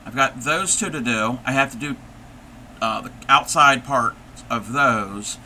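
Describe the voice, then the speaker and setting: Male craft streamer, very bright, sharp tone, thinks aloud while working, faint AC hum behind. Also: medium pitch, measured pace. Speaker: live-stream host. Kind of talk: casual live-stream chat while crafting.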